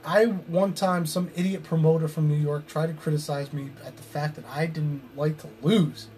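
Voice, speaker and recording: A man's voice: a little high, steady tone, normal speed, a little hiss or hum. Intense man cutting a wrestling promo. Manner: brooding and intense, bursting into loud shouts. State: tired and drained. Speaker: pro wrestler.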